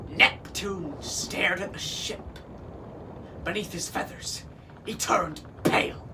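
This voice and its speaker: Slow expressive man reading a children's story. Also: high voice. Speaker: children's show performer as pirate king. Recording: voice from some distance off with faint hiss.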